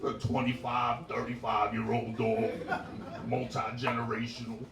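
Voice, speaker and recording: A man doing a stand-up set, animated and jumping into high-pitched impressions of women, with crowd work. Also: unhurried, a little hiss or hum. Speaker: stand-up comedian. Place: comedy club stage. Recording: roomy live club sound heard from a distance. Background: laughing audience.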